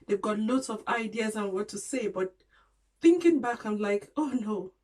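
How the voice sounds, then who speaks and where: A woman's voice: mid-range voice, animated, moderate pace, darkish tone, low-quality recording. A woman vlogging to her channel, talking earnestly and encouragingly, with frequent ums and restarts. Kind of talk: casual talk to camera.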